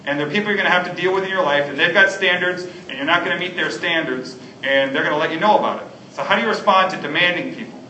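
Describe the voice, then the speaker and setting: A man's voice: high-pitched, fast, hardly any pauses, bright, forceful tone, dull audio, slight background noise. A man preaching a sermon as a pastor, earnest and stumbling over restarts and fillers. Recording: echoey hall, distant mic, faint ambience.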